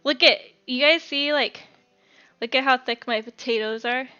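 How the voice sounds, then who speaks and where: A woman's voice: high voice, moderate pace, pushed and bright, clear, resonant tone, dry recording, muffled recording. A young woman chatting casually on a live stream while cooking at home, giggling, swearing lightly and a little out of breath.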